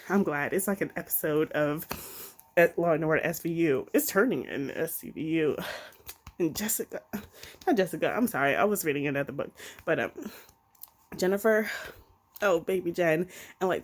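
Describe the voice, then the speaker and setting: A woman casually reviewing a mystery novel on her channel, excited and expressive, with slang and swearing. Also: on the low side. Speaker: BookTube reviewer. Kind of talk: casual book review vlog.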